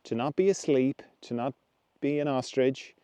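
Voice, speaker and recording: A middle-aged man hosting a spiritual podcast, musing gently and restarting his thoughts as he talks. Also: mid-range voice, normal speed, clear, resonant tone, dry recording, lo-fi sound. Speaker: podcast host, spiritual teacher. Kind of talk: reflective spoken talk.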